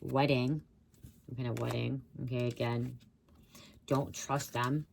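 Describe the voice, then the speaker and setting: A woman's voice: extremely low pitch, little pitch movement, a little slow, gravelly, noisy background. A woman giving a rambling channeled psychic reading, blurting out words she hears and swearing casually. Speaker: psychic reader.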